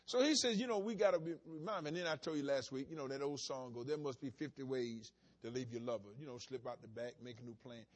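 A man's voice: mid-range voice, steady tone, fast talker, few pauses. A male pastor preaching a sermon in a folksy, emphatic way, mixing plain storytelling with bursts of insistence.

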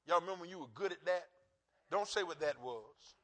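A man preaching a sermon in a church, calling on the congregation to answer back, joking with them between emphatic points, and bursting into shouts. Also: on the high side, animated, brisk. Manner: emphatic call-and-response preaching with joking asides. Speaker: pastor. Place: church sanctuary.

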